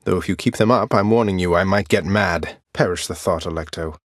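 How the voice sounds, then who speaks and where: A man's voice: deep voice, brisk, dry recording, lightly acted. A man voicing a wry, polite young prince of the underworld, in video game voice lines. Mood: teasing. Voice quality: dry, wry and teasing. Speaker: game character.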